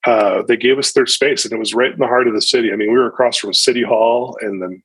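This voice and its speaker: A man's voice: medium pitch, steady tone, quick pace, fairly bright tone, husky, no room sound, poor audio. A man in his thirties, a pastor, talking reflectively in a podcast interview, often restarting his sentences. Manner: reflective, with frequent restarts and fillers.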